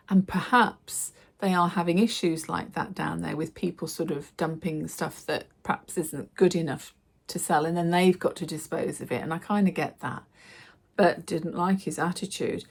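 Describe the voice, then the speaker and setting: A middle-aged woman, chatting to camera in a casual vlog and telling stories with lively acted quotes. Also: fairly low pitch, moderate pace, creaky, husky. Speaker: lifestyle vlogger.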